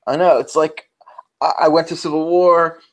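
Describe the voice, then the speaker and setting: A man's voice: fairly high pitch, steady tone, normal speed, slight background noise. A man with a New York accent co-hosting a casual podcast, talking in a chatty, rambling way and often restarting his sentences. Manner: chatty, rambling, self-interrupting. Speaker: podcast co-host. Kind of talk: casual round-table chat.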